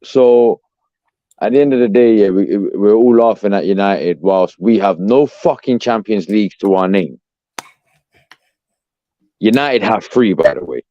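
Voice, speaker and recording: A man's voice: on the low side, unhurried, long pauses, no echo. A young man ranting as a podcast co-host, profane and exasperated, saying "bruv" constantly. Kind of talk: heated fan rant. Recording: dull, dry lo-fi sound.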